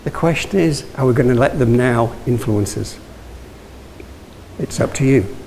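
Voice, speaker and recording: A man's voice: medium pitch, measured pace, vocal fry, a little mellow, a little hiss or hum, poor audio. A man from Yorkshire giving a motivational talk, telling stories and asking the audience questions, with frequent restarts. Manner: anecdotal, engages audience with questions; restarts and self-corrections. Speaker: guest speaker.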